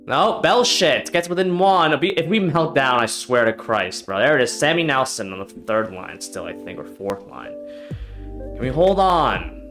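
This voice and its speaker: A young man commentating his own hockey video game, exasperated and swearing, swinging from loud yelling to low muttering. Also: very animated, moderate pace, soft background music. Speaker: gaming YouTuber.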